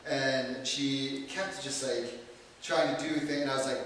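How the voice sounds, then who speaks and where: A man's voice: mid-range voice, steady tone, measured pace, a bit bright, a little hiss or hum. A man telling a comic story to an audience, rambling and self-deprecating, with lots of fillers. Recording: echoey hall, distant mic.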